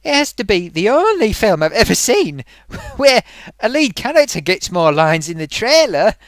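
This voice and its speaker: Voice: medium pitch, sing-song, moderate pace, no room sound. Rambling sarcastic film reviewer. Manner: frequent fillers and amused laughs. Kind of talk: ranting spoken review.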